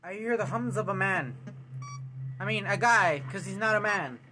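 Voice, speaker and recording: A man hosting a let's play, reacting to a horror game with excitable commentary, yelps, jokes and mock-dramatic outbursts. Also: high-pitched, normal speed.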